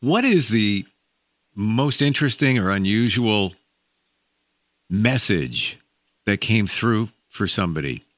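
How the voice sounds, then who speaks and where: Low-voiced man hosting an interview. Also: slow pace, long pauses, no room sound. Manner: chatty, lively storytelling with laughs. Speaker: interview host. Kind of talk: casual interview talk.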